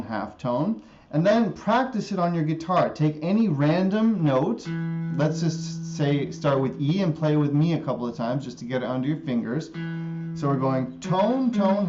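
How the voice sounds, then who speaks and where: A man teaching guitar music theory in a live stream, slowly repeating a scale formula and often checking in with an "okay?". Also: fairly high pitch, highs cut off. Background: guitar playing.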